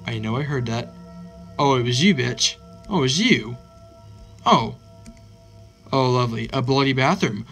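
A man hosting a let's play of a horror game, excitable and swearing constantly, yelping at scares. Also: mid-range voice, normal speed, long pauses, faint music behind. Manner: excitable, swears constantly, yelps when startled. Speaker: gaming channel host.

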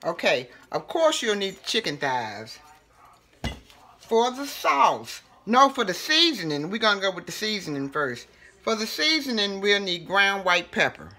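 A woman's voice: medium pitch, big pitch swings, a little slow, sharp tone. A woman, chatting casually as she demonstrates home cooking. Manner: chatty, folksy, talks while working with food.

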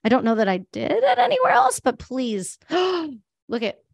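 A woman's voice: high voice, wildly swooping pitch, a little slow, gravelly, dry recording. A woman pet photographer giving a casual presentation, chatty and full of fillers, laughing often. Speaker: guest speaker, pet photographer.

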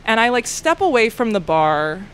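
A woman's voice: on the high side, big pitch swings, normal speed, fairly bright tone, a little hiss or hum. A young woman, a comedian and bartender, telling a rambling story in casual podcast chat, full of "like" and swearing. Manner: rambling, heavy use of "like", swears freely.

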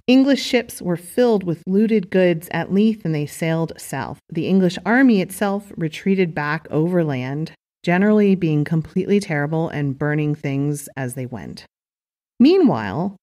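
Podcast host: woman with a low voice, relaxed conversational history narration, chatty asides. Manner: casual, chatty asides to listeners.

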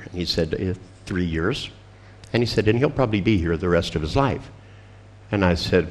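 Animated, profane male storyteller. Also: deep voice, moderate pace. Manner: profane, laughing storyteller acting out dialogue. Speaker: seminar speaker. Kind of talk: storytelling talk to an audience.

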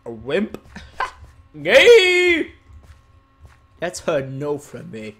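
Lively joking male gamer. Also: mid-range voice, slow. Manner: joking, jumps into mock gangster talk. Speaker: gaming YouTuber. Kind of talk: casual gameplay commentary.

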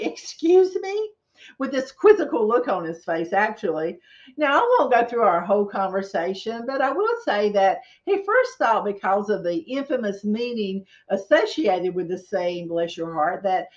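Folksy Southern woman, lively voice. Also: mid-range voice, muffled recording. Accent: Southern US, North Carolina. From southeastern North Carolina. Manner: folksy, chatty, playful asides. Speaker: real estate agent. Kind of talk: casual direct-to-camera vlog.

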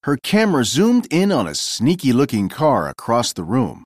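A man narrating a children's storybook read-aloud with expressive, clear storytelling. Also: mid-range voice, moderate pace, no room sound, clean studio sound.

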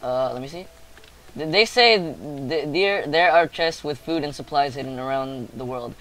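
A man hosting a casual let's-play with a friend, joking excitedly and reading quest text aloud. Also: fairly high pitch, moderate pace. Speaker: gaming channel host.

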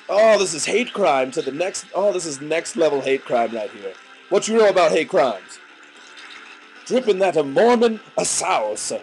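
A man with a sick, hoarse voice, making crude jokes as he talks over a video game. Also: on the high side, takes it slowly, pauses often, faint music behind. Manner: joking, crude and excitable. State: hoarse from illness. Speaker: let's player. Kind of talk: casual gameplay commentary. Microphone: desk microphone.

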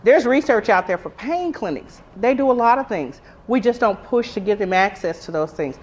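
A woman's voice: mid-range voice, lively intonation, moderate pace, darkish tone, dull audio. A woman who works as a pediatric nurse, giving a rousing conference talk with emphatic, repeated calls to action. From Arkansas, US. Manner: emphatic, rallying, preacher-like repetition. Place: conference room.

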